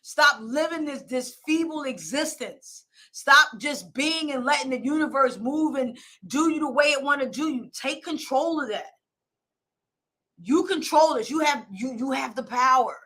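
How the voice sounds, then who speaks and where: Live on a phone or camera, this show host and life coach pushes her audience hard, repeating herself and insisting they demand more of themselves in a blunt, emphatic pep talk. She speaks a little slowly in a high voice that sounds pushed and bright.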